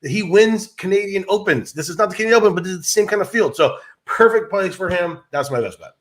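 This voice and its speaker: A man's voice: sits high, expressive. A man talking golf betting picks in casual podcast chat, emphatic and stumbling over repeated words. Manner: quick, stammering repeats, emphatic.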